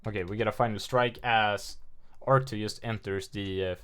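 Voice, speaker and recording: A man's voice: on the low side, fairly even intonation, moderate pace, fairly bright tone, clear, resonant tone. A man giving loose, offhand commentary on a game trailer, rambling with lots of filler words and self-mocking asides. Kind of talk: casual video commentary.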